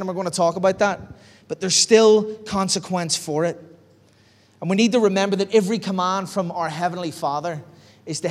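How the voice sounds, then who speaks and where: Animated pastor preaching in a hall. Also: male voice, sits high. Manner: animated, acts out dialogue in character voices. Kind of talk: sermon. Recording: long hall reverb.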